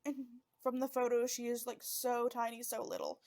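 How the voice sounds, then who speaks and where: Woman, true-crime podcast host, casual delivery on the edge of tears, slightly high voice. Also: little pitch movement, normal speed, mellow. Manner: emotional, fighting back tears; conversational with fillers.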